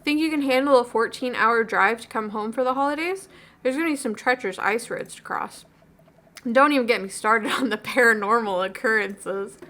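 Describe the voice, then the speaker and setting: An earnest, protective middle-aged dad with a dorky, heartfelt way of talking, as a woman reads him. The voice stays close to her own, bright and slightly high. He is sentimental and goofy in a game-dialogue reading. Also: moderate pace.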